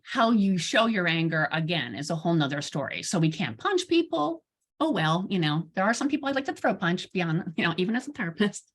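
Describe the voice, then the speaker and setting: Woman therapist, casual talk to a group, very expressive pitch, acts out dialogue, self-deprecating humor. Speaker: therapist and guest speaker. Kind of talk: informal presentation to an online audience.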